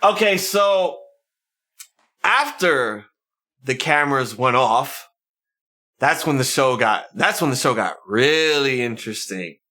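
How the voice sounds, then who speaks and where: A man's voice: mid-range voice, takes it slowly, pauses often. A man co-hosting a casual podcast, swearing freely and acting out quotes in exaggerated voices. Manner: animated, profane, acts out quotes in exaggerated voices. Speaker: podcast co-host.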